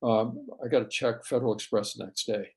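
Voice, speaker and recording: Middle-aged male guest, mid-pitched voice, chatty anecdotal delivery with stumbles and restarts. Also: fairly even intonation, a little fast, husky. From US West Coast. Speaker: photographer guest. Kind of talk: casual interview storytelling.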